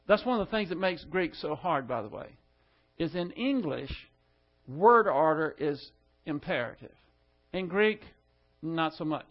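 A man's voice: sits high, expressive, moderate pace, muffled recording. A male pastor giving an expository Bible lesson, methodically explaining the word order of the Greek text.

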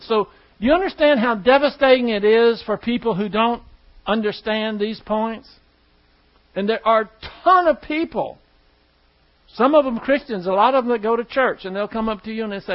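A man preaching a sermon to his congregation, conversational and full of questions to the room. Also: high-pitched. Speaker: pastor. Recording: dull lo-fi church recording.

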